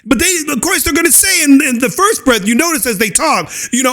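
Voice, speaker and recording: A man with a strikingly high voice rants on his own channel. He mocks and scoffs as he goes, breaking into laughter often. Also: lively intonation, fairly quick, hardly any pauses, fairly bright tone. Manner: mocking, scornful, laughs often. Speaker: channel host. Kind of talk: ranting commentary video.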